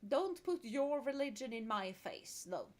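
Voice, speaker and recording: A woman's voice: fairly high pitch, big pitch swings, a little slow, darkish tone. A woman from Sweden with a Swedish accent, streaming a game and chatting frankly, laughing between remarks. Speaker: VTuber streamer. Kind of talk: casual chat while streaming a game.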